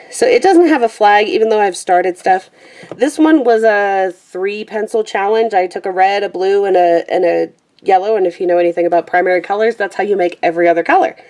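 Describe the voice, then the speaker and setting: Young woman vlogger, breathy, casual rambling, mid pitch. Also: a little mellow. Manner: chatty, self-correcting, laughs often. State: slightly out of breath.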